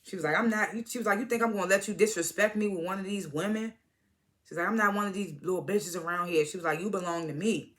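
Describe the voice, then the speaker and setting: Bright-voiced casual episode recapper. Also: medium pitch, fast talker. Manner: retells scenes with "he was like" quotes, swears casually; chuckles through the retelling. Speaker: TV episode reviewer.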